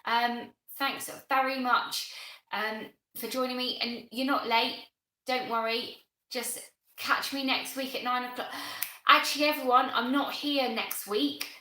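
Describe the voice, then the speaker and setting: A woman's voice: on the high side, fairly even intonation, a little slow, pushed and bright, echoey room, low-quality recording. A woman with a Bristolian accent, hosting a casual gardening live stream, chatting on and thanking viewers by name. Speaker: gardening channel host.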